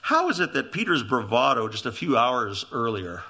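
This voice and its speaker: A man's voice: mid-range voice, sing-song, fairly quick, few pauses, pushed and bright. A middle-aged man preaching a sermon in a conversational style, with asides to his congregation. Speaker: pastor.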